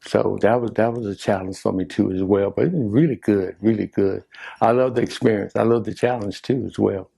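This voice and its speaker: An older man, a longtime sports coach, answering interview questions haltingly with many pauses and repeated phrases. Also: on the low side, creaky, dark tone, husky.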